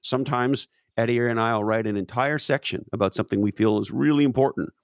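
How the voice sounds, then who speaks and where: A man's voice: medium pitch, fast, creaky, no room sound, studio quality. A man talking casually as an interview guest, emphatic and profane, with many restarts.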